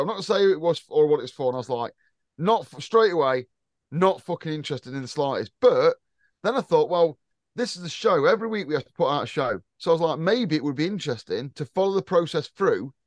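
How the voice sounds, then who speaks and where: A man hosts a podcast at a fast clip, blunt and teasing, swearing freely as he chats. His voice sits a little high and sounds close and dry, with no room around it. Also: no echo. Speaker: podcast host. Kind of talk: casual chat.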